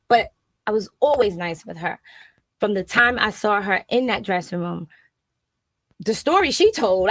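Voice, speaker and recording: A middle-aged woman with a Brooklyn accent, telling stories as a guest in a casual interview, blunt and animated. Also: mid-range voice, no echo, poor audio. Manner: blunt, animated, acts out others' voices. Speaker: rapper guest.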